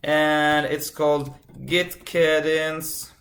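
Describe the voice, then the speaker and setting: Bright-voiced man teaching a coding lecture. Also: a little high, level tone, very slow. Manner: repeats key phrases, asks the class rhetorical questions. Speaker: computer science instructor.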